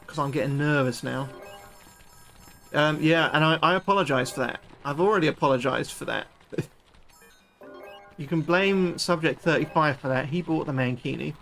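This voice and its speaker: Gravelly British streamer, swearing freely. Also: male voice, a little high, normal speed, pauses often, faint music behind. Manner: chatty, excitable, swears freely. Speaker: livestreamer. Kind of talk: live gameplay commentary chatting with viewers.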